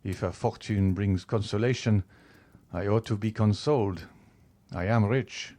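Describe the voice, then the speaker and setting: A man's voice: on the low side, fairly even intonation, a little slow, warm tone. A man reading as a proud, boastful banker. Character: proud, greedy male banker, shaken. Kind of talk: audiobook character reading.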